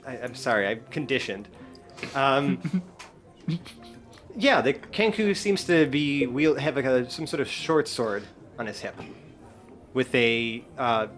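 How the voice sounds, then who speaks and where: A man's voice: mid-range voice, fairly bright tone. A man narrating as game master in a loose, filler-heavy way.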